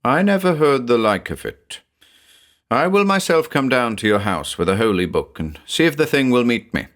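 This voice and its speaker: A man's voice: medium pitch, very animated, normal speed, fairly bright tone, voice pushed up. A man voicing an earnest medieval village priest who speaks with a solemn, reassuring manner. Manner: solemn, reassuring, forced cheer.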